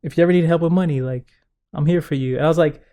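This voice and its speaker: A man's voice: on the high side, very fast. A young man telling a story in casual podcast chat, acting out what others said and laughing often. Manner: animated storyteller, acts out quotes, laughs often. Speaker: podcast co-host.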